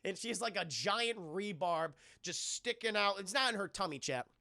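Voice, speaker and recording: A man with a bright, gravelly voice recaps a movie live for his chat, swearing freely and acting out the characters' lines. His voice sits high and his sound is dry and close. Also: moderate pace, no echo. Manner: profane, animated, acts out characters' lines. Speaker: streamer and film reviewer.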